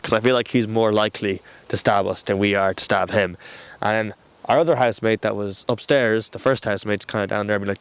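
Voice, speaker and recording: Gravelly young Irish man telling a story. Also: on the low side, brisk. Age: young adult. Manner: animated, swearing, acting out quotes. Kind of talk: casual storytelling.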